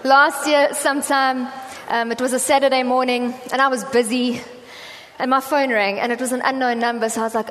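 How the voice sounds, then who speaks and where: A woman's voice: on the high side, fairly even intonation, fairly quick, a bit bright, slight background noise. A woman preaching a conversational sermon in a church hall, with a chatty, self-deprecating storytelling manner and lots of fillers. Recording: long hall reverb, faint ambience.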